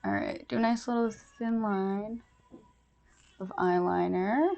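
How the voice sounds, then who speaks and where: A woman's voice: mid-range voice, steady tone, slow, creaky, darkish tone. Giggly woman chatting through makeup. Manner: chatty, giggly, lots of fillers. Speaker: streamer doing makeup. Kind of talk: casual chat while doing makeup.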